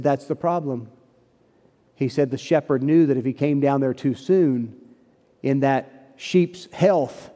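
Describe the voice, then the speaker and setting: In a church sanctuary with long hall reverb, a male pastor tells a story during his sermon, using earnest, folksy phrasing. His voice is mid-range and mellow.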